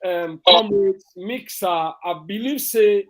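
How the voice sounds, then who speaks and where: Party commentator: a slightly high-voiced man with a Sierra Leonean Krio accent, emphatic and repetitive. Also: slow pace. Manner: emphatic, repetitive, restarts phrases. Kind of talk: online political talk show discussion.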